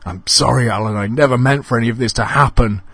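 A man's voice: medium pitch, fast talker, gravelly, a bit bright, breathy edge, no echo. Brief: frightened stammering man, played by a man, dry close sound. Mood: nervous. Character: nervous stammering pipe-loving man.

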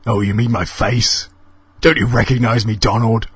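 A man voicing a menacing monster with a meringue face, rasping and sneering. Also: fairly low pitch, steady tone, normal speed, fairly bright tone, dry recording. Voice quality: raspy.

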